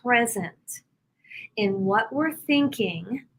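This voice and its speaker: Brief: interview guest, woman healer, bright forward tone, animated storyteller. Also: a little high, drawn-out words, breathy edge, low-quality recording. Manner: animated storyteller, explains with examples. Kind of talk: casual interview talk.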